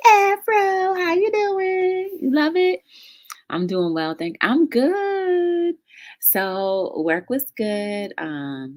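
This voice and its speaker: Speaking at an extremely low pitch, a woman hosts a laid-back livestream talk show. She welcomes viewers by name with bright enthusiasm, turning reflective between greetings.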